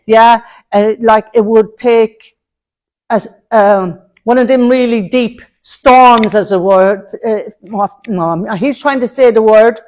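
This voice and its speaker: A woman's voice: fairly high pitch, slow. Chatty woman medium. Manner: chatty, warm terms of address, relays messages in quotes. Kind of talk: platform mediumship demonstration. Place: spiritualist centre hall before an audience.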